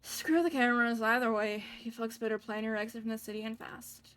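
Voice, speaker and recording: Woman reading a bossy, foul-mouthed Southern gangster for a video game, voice sitting a little high. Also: steady tone, brisk, fairly bright tone, slight background noise, close to an everyday voice. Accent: Southern US, put on. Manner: gruff, bossy, swearing.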